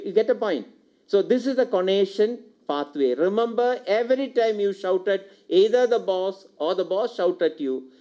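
High-voiced older Indian-accented lecturer. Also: male voice, mellow. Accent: Indian English. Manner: engaging, fires rhetorical questions at the audience; anecdotal, repeats key points. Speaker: university lecturer. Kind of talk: public lecture. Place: lecture hall. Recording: dull lo-fi lecture recording.

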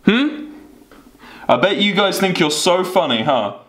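A man's voice: high-pitched, lively intonation, measured pace, long pauses, a bit bright, echoey room. A young man streaming, reacting to fan memes in casual, sweary, mock-indignant banter.

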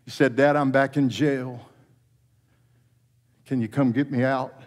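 A middle-aged man preaching a sermon as pastor, telling a story with soft, low quoted lines that climb into fervent passages. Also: steady tone, a little slow. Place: church sanctuary. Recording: long church reverb.

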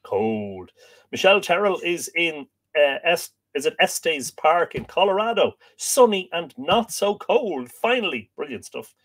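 A man's voice: fairly high pitch, very animated, unhurried, a bit bright. An Irish man hosting a casual livestream, greeting viewers by name and making jokes as he reads out their comments. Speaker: livestream host.

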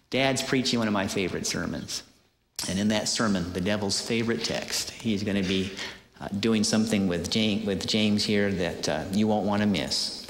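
A man preaching a sermon, telling a story in an animated way with many hesitant fillers. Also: lowish voice, moderate pace, vocal fry, a little hiss or hum. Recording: echoey hall with long reverb.

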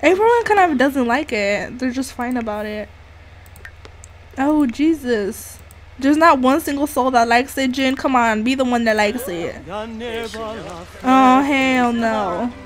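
Excitable high-voiced woman gamer. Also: slow, long pauses, a little hiss or hum. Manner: excitable, swears freely, narrates reactions. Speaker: gaming channel host. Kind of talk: let's-play commentary.

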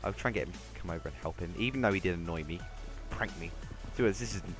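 A deep-voiced man talks quickly while playing a game, giving casual, rambling commentary and talking to himself. Game music plays underneath.

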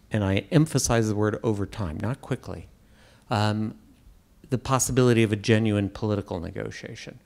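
A man's voice: on the low side, normal speed, vocal fry, darkish tone. A man, a former ambassador, making his case in a public debate and repeating key points for emphasis.

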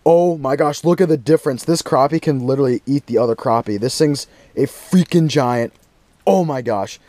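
A young man vlogging outdoors on a frozen lake, casually talking to his viewers and getting excited. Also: medium pitch, moderate pace, no room sound. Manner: excitable, talks straight to viewers. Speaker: fishing vlogger. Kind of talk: casual vlog commentary.

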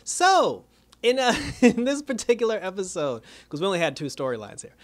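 A man's voice: high voice, wildly swooping pitch, fairly quick. Rambling man recapping a TV episode. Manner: rambling, loose, with lots of fillers and laughs. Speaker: TV episode reviewer.

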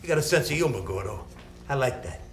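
Acting lightly in a mid-range voice, a man speaks quickly and with animation as a brash, bossy, quick-tempered young loan shark. He blusters, throws insults and gives orders, then softens into soothing. Slight background noise and an echoey room mark the recording.

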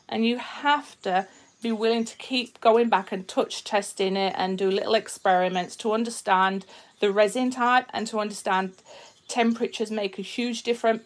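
Her voice sits in the mid-range as this Yorkshire-born resin artist runs a live stream, showing off her craft and chatting easily with viewers. She says hello to people and reads out their comments, her Yorkshire accent tinged with a faint Australian twang.

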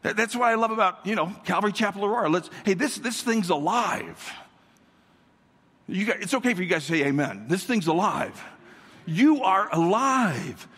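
A man's voice: sits high, fairly quick, sharp tone, slightly rough, long reverb tail. A man giving a sermon as a guest pastor in a large church, speaking energetically, repeating words and calling on the congregation to answer back.

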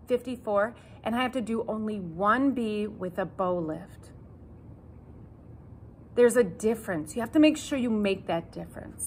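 A woman gives a cello lesson, counting in and calling out notes while a cello plays along, patiently repeating instructions and joking about herself. Her voice is medium-pitched, with slight background noise.

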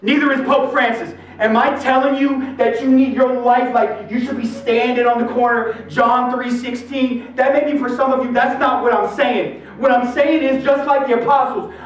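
A man, a Catholic youth minister, giving an energetic live faith talk with street slang. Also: very high-pitched. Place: large hall with live audience. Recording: echoey hall, mic far off. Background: guitar music.

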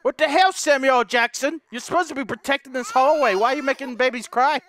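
A young man with a high, bright, ringing voice, talking through a game in a frantic rush. He yells, swears and laughs at what happens on screen, then drops into low muttering while planning his next move. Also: brisk, a little hiss or hum. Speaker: gaming YouTuber. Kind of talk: let's play commentary.

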